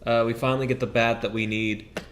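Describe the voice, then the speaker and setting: A young, medium-pitched podcast co-host chats casually about sports, quick and excitable, often trailing off mid-sentence.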